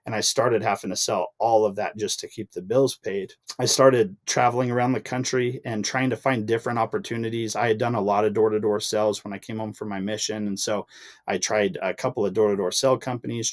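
A man's voice: on the low side, fairly even intonation, fairly quick. A young adult man sharing a heartfelt personal testimony as a podcast guest, earnest and emotional, his voice rising when he recalls frustration. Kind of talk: personal testimony in casual chat.

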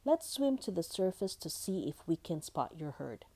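A woman voicing a huge, grumpy, lonely male whale who talks loudly and bluntly. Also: lowish voice, sing-song, normal speed. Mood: friendly. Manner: loud, gruff, blunt.

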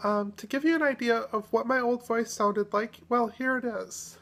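Relaxed woman vlogging, somewhat high. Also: moderate pace, hardly any pauses. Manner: relaxed, self-deprecating, hesitant. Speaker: video blogger. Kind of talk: casual vlog chat.

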